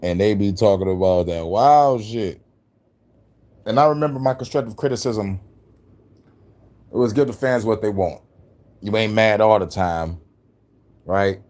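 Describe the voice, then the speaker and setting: Deep-voiced man in loose slangy chat. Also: unhurried, long pauses, darkish tone. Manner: loose, slangy, rambling talk. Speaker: musician vlogger. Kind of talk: casual commentary.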